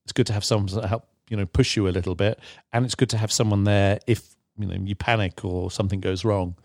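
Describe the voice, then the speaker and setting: A man, a therapist explaining treatment calmly in a podcast chat, with many fillers. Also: fairly low pitch, no echo, clean studio sound. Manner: calm, halting with fillers. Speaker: therapist guest. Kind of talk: casual explanation.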